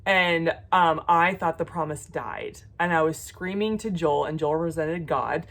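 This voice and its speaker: Her voice is low-pitched and a bit bright, and she speaks a little slowly. She is a jewelry-making vlogger, an adult with a son, who chats casually about her crafting before earnestly praying for and encouraging her viewers. Along the way she says um often and corrects herself.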